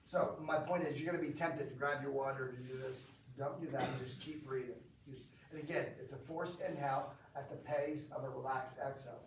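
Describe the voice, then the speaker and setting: A man's voice: fairly high pitch, fairly quick, a little hiss or hum. A man instructing a group in breathwork, explaining and asking the group questions. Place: gym or team room. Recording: echoey room, from far off.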